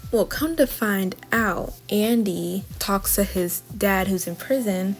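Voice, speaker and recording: A woman's voice: on the low side, a little mellow. Chatty woman recapping a TV show. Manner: chatty plot recap with frequent "like" and quoted dialogue. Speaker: TV review vlogger. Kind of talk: casual spoken TV review.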